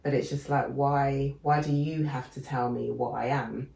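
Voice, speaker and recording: Deep gravelly woman, echoey room. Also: moderate pace. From England. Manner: animated storyteller, acts out quoted voices. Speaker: podcast co-host. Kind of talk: casual chat.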